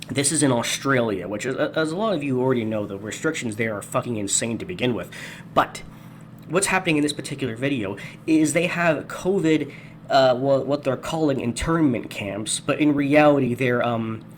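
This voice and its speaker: A man's voice: medium pitch, lively intonation, moderate pace, slight background noise. A man hosting a ranting video commentary, angry, sarcastic and profane. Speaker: commentary host.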